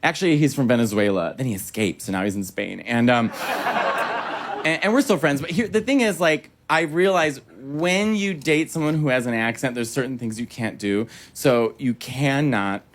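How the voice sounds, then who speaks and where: A man doing a stand-up comedy set in a club, telling stories in an animated, theatrical way with sudden bursts of excitement. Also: mid-range voice, moderate pace, background noise.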